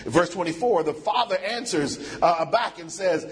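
A man's voice: high-pitched, expressive, moderate pace. A man preaching a sermon, emphatic and repetitive, drawing call-and-response from the congregation.

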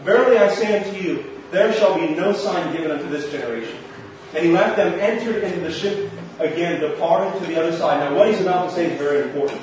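A man's voice: fairly high pitch, quick pace, a little mellow, a little hiss or hum. A man preaching a sermon, reading scripture aloud and then explaining it to the listeners, whom he calls friends. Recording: very echoey room heard from a distance.

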